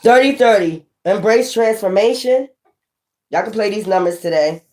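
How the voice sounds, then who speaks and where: A woman giving a casual tarot reading to viewers, emphatic and rambling, swearing freely, swinging from near-shouts to low muttering. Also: normal speed, slight background noise. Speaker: tarot reader.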